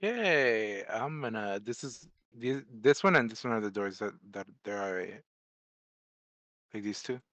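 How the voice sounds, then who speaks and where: A man's voice: lowish voice, expressive, unhurried, pushed and bright, dry recording. A man playing a tabletop game, declaring his character's actions in a playful, casual way. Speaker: player.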